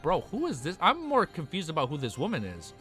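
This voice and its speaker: Excitable young man reading aloud. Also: on the high side, a little fast, faint music behind. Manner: excitable, swears, stumbles over words. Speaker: streamer. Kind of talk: live reading and reaction.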